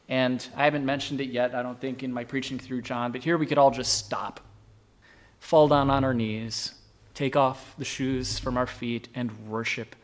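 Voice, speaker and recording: A man preaching a sermon, emphatic, swinging between loud bursts and hushed asides. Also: medium pitch.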